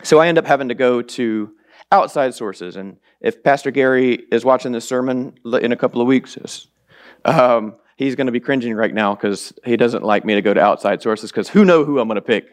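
A man's voice: medium pitch, a little fast. A man preaching a sermon in a church in a casual, rambling, self-deprecating way, his voice a bit strained. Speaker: lay preacher. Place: church sanctuary.

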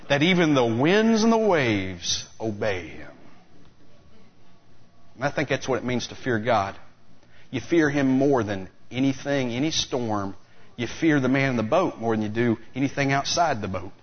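A man preaching a sermon, retelling a story with lively delivery and acting out the voices of the people in it. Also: medium pitch, moderate pace. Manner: animated storytelling, acts out voices of the disciples. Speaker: pastor. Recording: slightly dull, lo-fi recording.

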